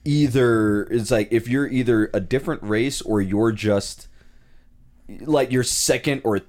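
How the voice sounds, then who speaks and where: A man's voice: medium pitch, a little slow. A man from California co-hosting a casual podcast, telling stories with lots of "and whatnot" and acted-out quotes. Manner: animated storyteller, lots of "and whatnot", acts out quotes. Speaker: podcast co-host. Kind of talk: casual chat.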